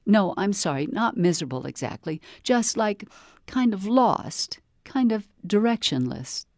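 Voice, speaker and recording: An odd stranger who claims to be a pet psychic, apologetic and earnest, with a tired, reedy voice pitched well above the reader's own, as a woman reads her out. She talks hesitantly, stumbling over her apologies. It sounds like a storybook read aloud in a dry, close space. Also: big pitch swings, measured pace, a little mellow, no room sound.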